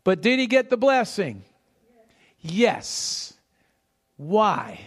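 A man's voice: sits high, very slow, breathy edge. A man preaching a sermon, teaching verse by verse and acting out the voices in the story while quizzing the congregation. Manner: animated, calls to the congregation with questions.

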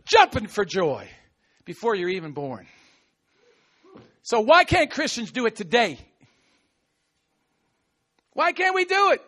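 High-voiced animated male preacher. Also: slow pace, long pauses. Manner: playful, acts out scripture quotes with shouts and laughs. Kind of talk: animated sermon.

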